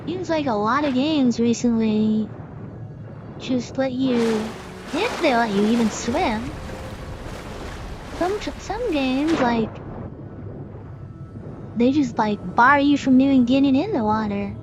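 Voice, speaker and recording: Slow, high-voiced sarcastic woman streamer. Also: lively intonation, background noise. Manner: rambling and sarcastic, full of fillers. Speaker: game streamer. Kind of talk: casual chat while playing. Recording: game music playing behind her.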